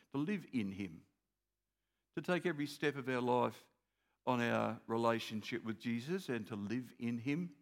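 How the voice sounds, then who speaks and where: An older man, preaching a sermon in an earnest, repetitive way that builds in emphasis. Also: mid-range voice. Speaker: pastor.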